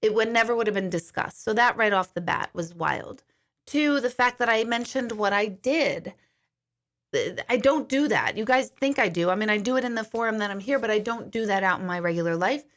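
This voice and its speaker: A middle-aged woman, a medium, telling a story in a casual, animated livestream from her kitchen, swearing freely. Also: medium pitch, brisk. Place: home kitchen.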